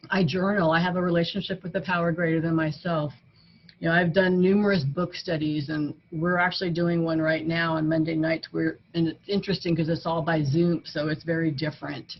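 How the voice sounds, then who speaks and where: A woman's voice: low-pitched, steady tone, moderate pace. An older woman giving an earnest, conversational personal testimony as the speaker at a recovery meeting. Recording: dull lo-fi recording with faint noise.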